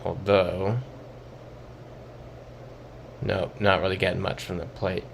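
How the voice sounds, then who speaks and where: Young male streamer, low, unhurried, mumbled live commentary, faint background hum. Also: level tone, vocal fry. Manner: muttering, thinking aloud, reading chat.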